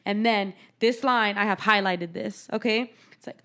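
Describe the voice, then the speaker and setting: A woman's voice: medium pitch, fairly even intonation, normal speed, hardly any pauses, a bit bright. A young woman hosting a podcast, recapping a film in casual chat, sarcastic and swearing freely as she retells scenes. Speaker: podcast host.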